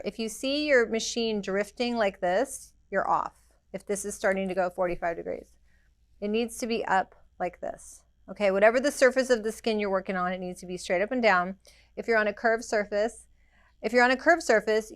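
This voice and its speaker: A woman's voice: medium pitch, fairly bright tone, dry recording. A woman teaching a hands-on permanent makeup lesson, practical and direct, imitating the machine's rhythm with little sounds. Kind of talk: hands-on demonstration.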